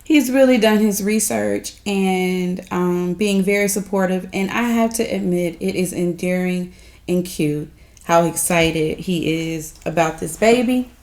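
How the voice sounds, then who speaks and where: A woman's voice: on the low side, unhurried, a little mellow. A woman, chatting casually to viewers as she recaps a TV episode, often laughing and calling them y'all. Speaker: recap host.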